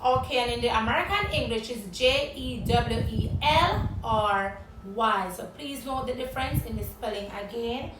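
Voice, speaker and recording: A woman's voice: fairly high pitch, moderate pace, few pauses, reverberant, recorded from a distance, noisy background. A woman with a Jamaican accent teaching an English vocabulary lesson, spelling words letter by letter and quizzing a guest.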